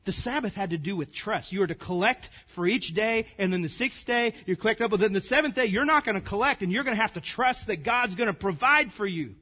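A man with a fairly high voice preaches in an easygoing, conversational way. He calls the congregation "gang" and speaks to them directly. He drops to quiet asides, then comes back up with loud, punchy emphasis. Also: lively intonation, a little fast, hardly any pauses. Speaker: pastor. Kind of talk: casual conversational sermon.

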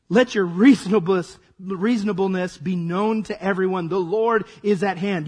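A man preaching a sermon as pastor, his voice hoarse and raspy, acting out dramatic asides. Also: high voice, moderate pace, few pauses.

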